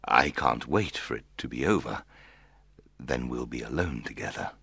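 A woman's voice: huge pitch swings, normal speed, creaky, a bit bright, dry recording, clean studio sound, heavily acted. A woman voicing a sleepy, doting old drunkard lord who mumbles his words. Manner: mumbling sleepily, dropping very low.

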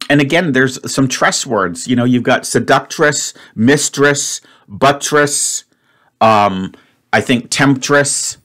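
A man solving a word puzzle out loud, thinking aloud and muttering to himself. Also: mid-range voice, slow. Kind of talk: solo puzzle-solving commentary.

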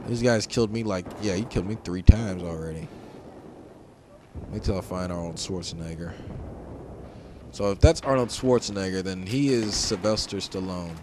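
A man giving casual gameplay commentary, joking and trash talking, swinging between shouts and mutters. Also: fairly low pitch, noisy background. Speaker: gaming commentator. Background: game gunfire and explosions.

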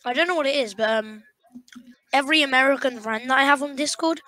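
A woman's voice: high-pitched, quick pace, sharp tone, poor audio. A woman with a British accent chatting casually and playfully as a co-host. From Britain. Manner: rambling, playful. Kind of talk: casual chat.

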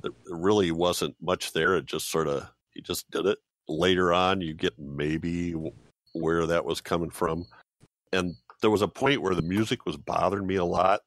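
A man reviewing a film on a podcast in casual chat, measured and thoughtful, pausing and restarting as he weighs his views. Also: sits low, fairly even intonation, dry recording.

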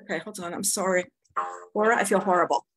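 A woman's voice: on the low side, fairly even intonation, quick pace. A woman helping with the tech on a live stream, apologetic and flustered.

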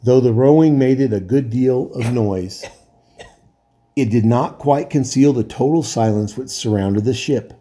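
A man reading a children's novel aloud in calm, steady narration. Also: medium pitch, measured pace. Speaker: volunteer reader.

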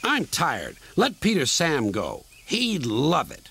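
A man's voice: a little high, wildly swooping pitch, slow pace, vocal fry, a little hiss or hum, pitched above the performer's own voice, exaggerated voice. A man doing Sir Handel, a snooty grumbling engine. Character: haughty, bad-tempered male steam engine. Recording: loud music underneath.

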